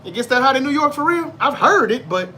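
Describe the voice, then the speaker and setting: Bright-voiced Southern man, loose and profane. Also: very high-pitched, lively intonation, quick pace, a little hiss or hum. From Memphis, Tennessee. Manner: loose, profane, talks straight to viewers. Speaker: livestream show host. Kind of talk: casual chat reading viewer comments.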